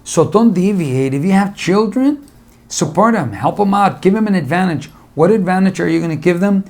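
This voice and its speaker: A man's voice: high voice, normal speed, darkish tone. A middle-aged man giving a motivational talk, telling stories, acting out conversations and repeating his advice for emphasis. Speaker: motivational speaker.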